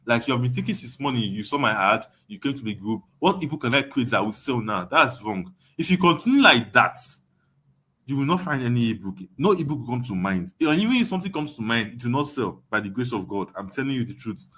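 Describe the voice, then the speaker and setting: A man's voice: medium pitch, sing-song, brisk, bright, forceful tone, husky. A young adult Nigerian man teaching an online webinar, emphatic, repeating his points and often asking "you understand?". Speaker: online course tutor.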